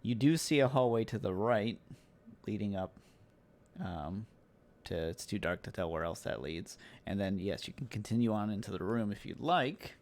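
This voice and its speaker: A man narrating and explaining rules as game master of a tabletop game, in a relaxed, patient way. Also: lowish voice, moderate pace.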